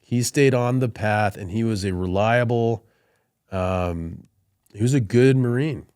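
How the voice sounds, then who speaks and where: A middle-aged man with a slightly low voice tells military stories with animated energy, laughing as the punchlines land. He is recorded close on a dry, deadened podcast microphone. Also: unhurried, clean tone, no room sound. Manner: animated storyteller, laughs through anecdotes. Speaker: Marine colonel guest. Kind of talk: storytelling in podcast conversation.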